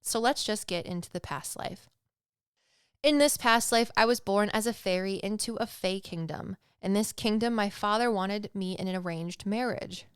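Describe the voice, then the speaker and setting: A woman hosting a podcast in a relaxed, chatty way that rambles and is full of fillers. Her voice is very smooth and resonant at a middle pitch, and it sits close to the mic in a dry, deadened sound. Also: moderate pace, no room sound. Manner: chatty and rambling, many fillers and light laughs. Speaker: podcast host and medium. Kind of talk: casual podcast chat reading listener stories.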